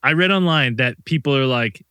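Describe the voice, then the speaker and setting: A man co-hosting a podcast, telling a story in casual chat, animated and swearing constantly as he rants. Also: mid-range voice, brisk, clear, resonant tone, no echo. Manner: profane, animated storyteller, ranting. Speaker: podcast co-host.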